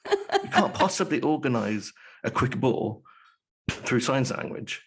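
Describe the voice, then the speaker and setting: A man's voice: medium pitch, wildly swooping pitch, unhurried, fairly bright tone, slight background noise. A man co-hosting a casual rugby podcast, dry and exasperated in his remarks. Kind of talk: casual chat.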